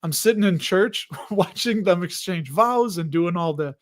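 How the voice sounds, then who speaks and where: A man's voice: high voice, expressive, unhurried. A man in his forties hosting a casual live stream, chatting loosely, greeting viewers by name and laughing often.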